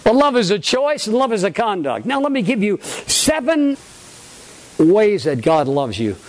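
Lively high-voiced older male preacher. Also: moderate pace. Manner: animated storytelling, laughs at own anecdotes. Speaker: pastor. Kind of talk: sermon.

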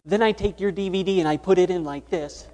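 A man's voice: high-pitched, a little fast, darkish tone, voice pushed up, lightly acted. A man putting on an eager, cheerful man. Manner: plain, repetitive, demonstrating. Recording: long hall reverb.

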